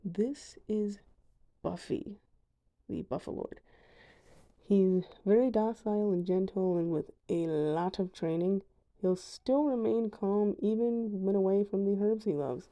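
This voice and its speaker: A woman's voice: medium pitch, measured pace, mellow. A young woman giving a casual voice-over of a video game, chatty with self-deprecating asides. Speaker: gamer showing her dragons.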